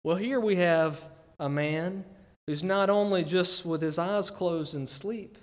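High-voiced man preaching in a reverberant church. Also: slow. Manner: earnest, conversational preaching with frequent "right?" asides. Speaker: pastor. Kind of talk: sermon. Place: church sanctuary.

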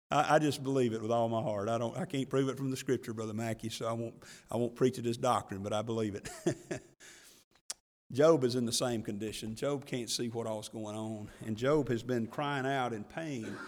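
A man's voice: medium pitch, fairly even intonation, normal speed, big-room sound. A man, preaching a sermon as pastor in a folksy manner, laughing often and stumbling over repeated words.

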